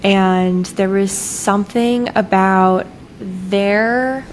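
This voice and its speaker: Animated woman telling a story. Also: mid-range voice, drawn-out words, a little hiss or hum, poor audio. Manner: animated, frequent "like" fillers. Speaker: guest, breathwork facilitator. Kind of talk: conversational storytelling.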